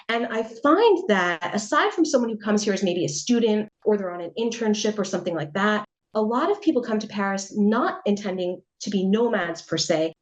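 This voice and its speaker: A woman's voice: medium pitch, darkish tone. An American woman, a writer, giving thoughtful, chatty answers in an interview and laughing lightly as she talks. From United States.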